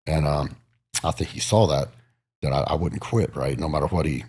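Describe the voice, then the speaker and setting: A man's voice: extremely low pitch, normal speed, husky. A man in his forties, a guest in an interview, telling stories with animation and acting out other people's voices. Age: 40s. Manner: animated storyteller, acts out quoted voices. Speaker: guest, bodybuilder. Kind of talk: casual storytelling interview.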